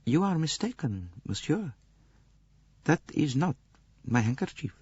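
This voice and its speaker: A man's voice: on the high side, very animated, a little slow, darkish tone, breathy edge, no echo, lo-fi sound, voice pushed up, exaggerated voice. A man playing a guarded aristocratic countess. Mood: cool. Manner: cool, clipped denials. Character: proud, guarded aristocratic countess, young woman.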